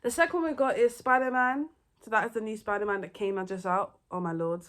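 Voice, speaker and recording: A young woman, chatting excitedly and rambling through her favourite movies in a casual vlog. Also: mid-range voice, fast. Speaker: vlogger. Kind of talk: casual movie review chat.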